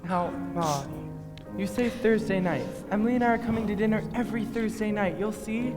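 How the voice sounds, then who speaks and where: A man's voice: high-pitched, brisk, close to an everyday voice. A man playing a nervous young groom in a stage play, earnest and anxious. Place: stage in a large hall. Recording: stage in a hall with music behind.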